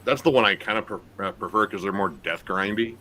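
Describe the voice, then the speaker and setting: A man's voice: fairly low pitch, brisk, a loud crowd. A man hosting a casual podcast chat, rambling with lots of fillers. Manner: relaxed, rambling with many fillers.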